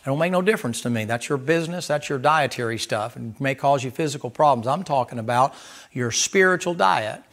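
A man preaching a sermon in a folksy, animated way, acting out little dialogues. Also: mid-range voice, a little fast.

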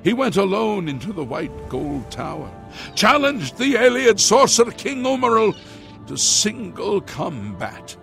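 A grim old prophet declaims his warnings in a high, gravelly voice. He speaks slowly and weightily, now and then breaking into shouts. Faint game music plays behind him. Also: very animated, heavily acted. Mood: solemn. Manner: grave, declaiming, prophetic, chants ancient words. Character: grim old male prophet of doom, solemn. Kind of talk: video game voice acting.

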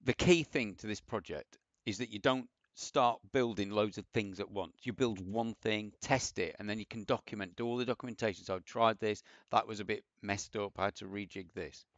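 A programming teacher whose voice sits on the low side talks briskly with few pauses, rambling and self-deprecating as he types through a casual screen-share coding tutorial. The recording is a dull, dry lo-fi mic with no echo.

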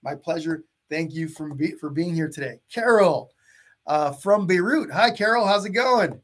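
A man teaching a live painting lesson step by step, chatting warmly with viewers and greeting them by name. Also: on the high side, lively intonation, normal speed. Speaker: painting instructor.

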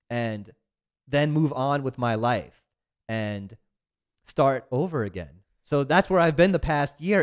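A man's voice: medium pitch, clean tone. A man speaking as a guest in a casual interview, talking earnestly and reflectively about his own life. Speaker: podcast guest, business owner.

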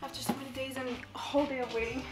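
A sick, out-of-breath woman chatting excitedly in a beauty vlog, coughing and sighing. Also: high-pitched, racing. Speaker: beauty vlogger. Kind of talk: casual vlog chat. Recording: echoey room with background music.

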